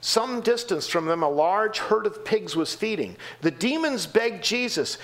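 A man's voice: a little slow, few pauses. A man preaching a sermon in a church, acting out the voices of the people he quotes and answers from the pews. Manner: animated, acts out quoted voices with sudden pitch jumps. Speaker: pastor.

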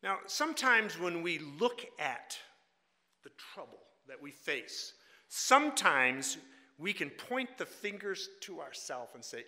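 An older man preaching a sermon in a church, conversational and wry, sometimes dropping to a hushed voice. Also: sits high, sing-song, takes it slowly, long reverb tail. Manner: conversational with wry humor, drops to a hush for quotes. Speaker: guest preacher and Bible college teacher. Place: church sanctuary.

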